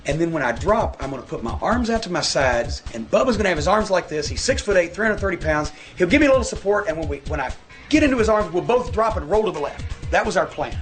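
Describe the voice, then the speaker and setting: A man telling a long, profane anecdote in a casual interview, animated and full of asides. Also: sits high, quick pace, soft background music. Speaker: guest telling a story. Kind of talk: casual storytelling.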